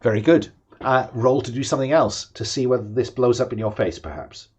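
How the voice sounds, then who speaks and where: A man narrating as game master, measured and full of pauses and restarts. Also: medium pitch, slightly rough.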